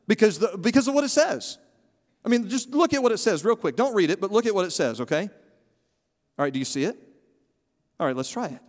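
A man preaching a sermon as pastor, animated and calling on his congregation to respond. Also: sits high, a little fast, long pauses. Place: church sanctuary. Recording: long hall reverb.

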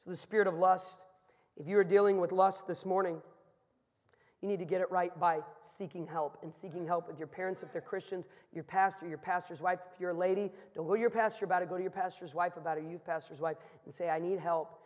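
A high-pitched man preaches in a large church, and his voice trails off in a long hall reverb. He tells stories, dropping to a hush and then rising to a shout. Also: steady tone, fast. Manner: storytelling, swings from hushed to shouting. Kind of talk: sermon.

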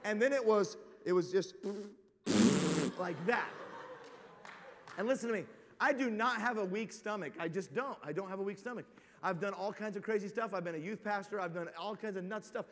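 A man preaching a sermon, telling a comic story in an animated, rambling way, with lots of "like.". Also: high-pitched, moderate pace, long pauses, long reverb tail, a little hiss or hum.

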